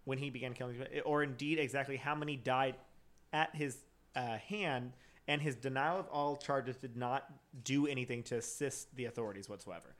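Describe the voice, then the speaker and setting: A man's voice: medium pitch, normal speed, fairly bright tone. Guy reading true crime notes on a podcast, stumbles a lot, super casual. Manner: reads notes with stumbles and restarts, laughs often. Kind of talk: casual chat.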